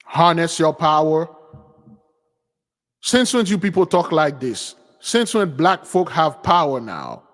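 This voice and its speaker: A man hosting a spiritual channel, preaching casually to followers in an animated, emphatic and mocking way. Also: on the high side, measured pace, few pauses, in a large hall. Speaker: channel host giving a spiritual talk.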